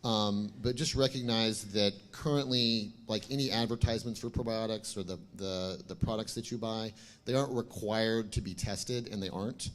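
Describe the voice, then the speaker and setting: Low-voiced man moderating a panel. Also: steady tone, normal speed, slight background noise. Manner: conversational, posing questions to the panel. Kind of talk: conference panel Q&A.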